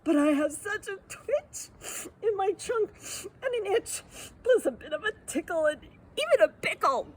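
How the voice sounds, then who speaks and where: Lady doing a big fretful elephant guy, whiny and pleading, swoops way up high. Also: big pitch swings, a little slow, slight background noise, heavily acted. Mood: apologetic, fretful. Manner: wailing, anxious pleading. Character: big fretful male elephant about to sneeze.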